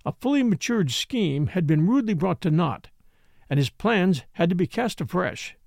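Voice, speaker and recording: A male audiobook narrator with a gravelly, fry-tinged voice, reading with expressive storytelling. His pitch sits a little high and moves a great deal, in a dry, close recording. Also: moderate pace, no room sound. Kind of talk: scripted narration.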